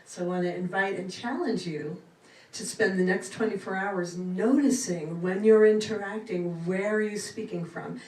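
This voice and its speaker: A middle-aged woman giving a spiritual talk to a congregation with a lively, laughing cadence. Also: medium pitch, moderate pace. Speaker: inspirational speaker. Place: church sanctuary. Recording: roomy hall from far off.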